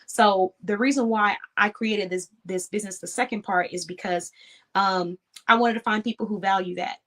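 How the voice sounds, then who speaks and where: Serdeczna kobieta motywująca przedsiębiorców. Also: female voice, mid-range voice, fairly even intonation, normal speed. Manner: earnest, encouraging, laughs easily. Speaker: host. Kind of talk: motivational talk to small business owners.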